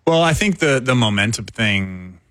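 A man's voice: medium pitch, expressive, normal speed, a bit bright, dry recording, studio quality. A man who is a baseball broadcaster chatting casually on a sports radio show, rambling and repeating words as he tells stories.

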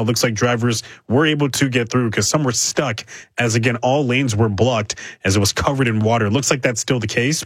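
A man's voice: medium pitch, no room sound. Man giving a radio traffic report. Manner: conversational, repeats "again" often.

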